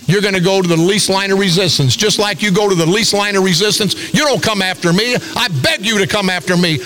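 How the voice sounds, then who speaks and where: Male talk radio host, high and sharp-toned, angry confrontational rant, studio mic. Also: quick pace, hardly any pauses, slight background noise. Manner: ranting, confrontational, repetitive. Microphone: studio broadcast mic.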